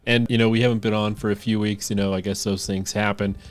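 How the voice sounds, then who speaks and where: A man co-hosting a podcast, talking in a relaxed, rambling way with lots of fillers. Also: lowish voice, fast talker, clear, resonant tone. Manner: laid-back, rambling, many fillers. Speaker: podcast co-host. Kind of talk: casual banter.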